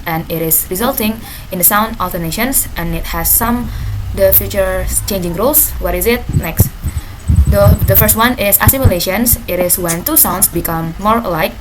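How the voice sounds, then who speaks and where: A young woman student presents a class project in a slightly low voice, pausing haltingly between the points she reads out. The recording is noisy and full of clicks. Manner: reads out definitions with halting pauses, saying "next" between points.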